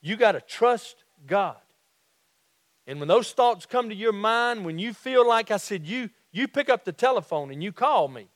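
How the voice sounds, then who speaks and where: A middle-aged man with a Southern accent preaching a sermon in a folksy way, restarting phrases and slowing down to stress his points. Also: high voice, lively intonation, no room sound, clean studio sound. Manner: folksy, repeats and restarts phrases, slows for emphasis. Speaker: pastor.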